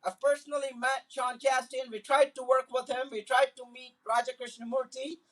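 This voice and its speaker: A man with a very high-pitched voice delivers an earnest community speech. He builds to forceful, repeated emphatic lines. His voice is picked up from some distance away from the microphone. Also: little pitch movement, normal speed. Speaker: community speaker at a solidarity event. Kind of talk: impassioned public speech with personal stories. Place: Islamic center event.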